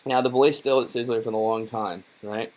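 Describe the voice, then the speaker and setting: A young man talks over a children's book in a loose, rambling way, full of "like" and "right?" and dropping curse words as he mocks the story. His voice sits at an ordinary middle pitch for a man. He sounds like a casual online creator doing an offhand, sarcastic commentary. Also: fairly even intonation, moderate pace. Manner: irreverent, profane, rambling with many fillers. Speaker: YouTuber reviewing a children's book.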